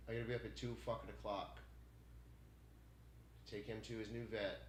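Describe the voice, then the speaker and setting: A man streaming from home, ranting furiously with constant swearing, swinging from shouting to low muttering. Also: little pitch movement, moderate pace, long pauses. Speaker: gaming streamer. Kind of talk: angry rant while streaming. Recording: echoey room with faint background noise.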